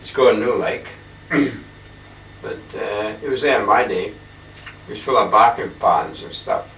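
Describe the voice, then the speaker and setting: An older man talks his halting, wandering way through his paintings, often clearing his throat. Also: fairly low pitch, a bit bright. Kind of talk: rambling casual reminiscence. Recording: echoey room, distant mic, faint hiss.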